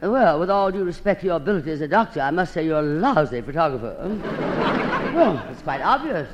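A woman's voice: low-pitched, big pitch swings, fairly quick, dull audio, noisy background. Dramatic lady doing an old radio comedy bit, drawls, says darling a lot, voice swoops around. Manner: theatrical, drawling, calls everyone darling.

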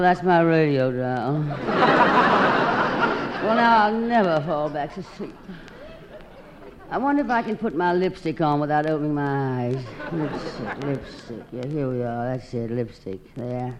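A woman with a husky, theatrical drawl doing a sardonic, self-mocking comic monologue as one side of a phone call. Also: fairly low pitch. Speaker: comedienne. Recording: dull old recording with loud hiss.

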